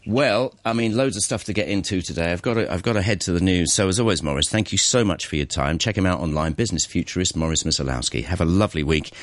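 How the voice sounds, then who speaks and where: Low-voiced skeptical radio host, man. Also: quick pace, few pauses, no echo. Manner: chatty, skeptical, interrupts. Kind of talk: casual radio chat. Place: radio studio. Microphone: studio microphone.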